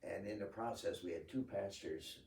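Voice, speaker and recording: A man, a pastor hosting an interview, talking in a halting, casual way. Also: fairly low pitch, creaky, a little mellow. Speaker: pastor, host. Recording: echoey room, distant mic.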